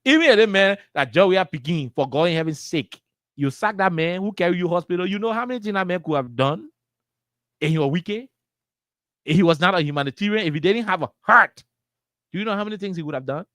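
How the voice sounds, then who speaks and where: A man's voice: sits high, expressive, quick pace, a bit bright, no echo, clean studio sound. Impassioned Liberian man on the radio. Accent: Liberian English. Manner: impassioned, repetitive, rhetorical questions. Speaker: radio talk show host. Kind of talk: political commentary. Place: radio studio.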